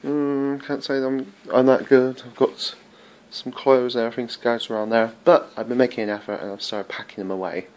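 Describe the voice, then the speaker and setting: A man chatting casually in a travel vlog, excitable and full of fillers, filming himself indoors and then outdoors on a handheld camera. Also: medium pitch, a little fast. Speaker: travel vlogger. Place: hotel room, then outdoors at a castle.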